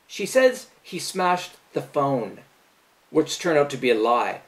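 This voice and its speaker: A middle-aged man tells a story straight to camera in a casual, profane way. His voice sits a little high and bounces up and down as he relives it, full of disbelief. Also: slow. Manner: profane, incredulous, animated retelling. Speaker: vlogger.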